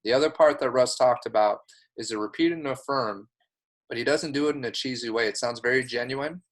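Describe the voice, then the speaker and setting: A man's voice: medium pitch, fairly quick. A man with a middle-range voice coaches a newcomer through sales call technique. He talks in an earnest, emphatic way and keeps encouraging the listener. It is plain, practical instruction. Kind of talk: coaching talk.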